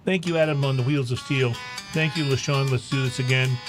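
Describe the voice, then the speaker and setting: Halting, jokey male podcast host. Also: mid-range voice, fairly even intonation, over music. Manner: halting, lots of filler words, jokey. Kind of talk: casual chat.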